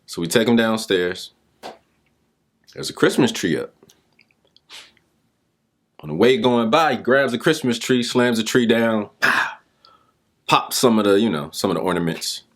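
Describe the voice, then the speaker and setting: A young adult man giving a motivational talk, telling a story in an animated, informal way. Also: measured pace, pauses often. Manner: animated, informal, pitch jumps with emphasis. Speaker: speaker and mentor.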